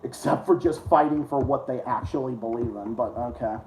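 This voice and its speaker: A man's voice: mid-range voice, a little fast, noisy background. A man hosting a live stream, ranting to his chat with heavy swearing and sarcasm. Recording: roomy echo.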